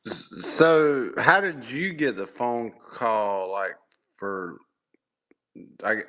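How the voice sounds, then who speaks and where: A man's voice: medium pitch, extremely slow, fairly bright tone. A man chatting casually on a live audio space, supportive and stumbling over his words. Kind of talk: casual chat.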